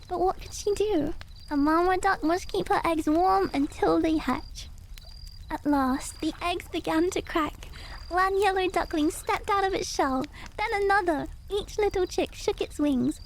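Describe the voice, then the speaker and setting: A woman's voice: high voice, measured pace, vocal fry, slight background noise. A woman reading children's stories aloud on a stream, playful, with chatty asides. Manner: playful, chatty asides and laughs between lines. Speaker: storyteller.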